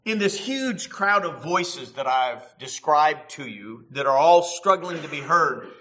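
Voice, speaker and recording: A middle-aged man preaching a sermon as a pastor, telling stories in a lively way with frequent chuckles. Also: a little high, a little slow. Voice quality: lively storyteller, chuckles often.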